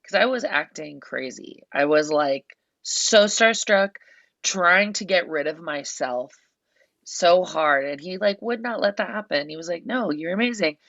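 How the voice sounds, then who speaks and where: Low-voiced woman telling a rambling story. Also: animated, a little slow, vocal fry, fairly bright tone, no room sound, dull audio. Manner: rambling, many "like" fillers, self-deprecating. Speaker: guest musician. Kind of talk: casual storytelling chat.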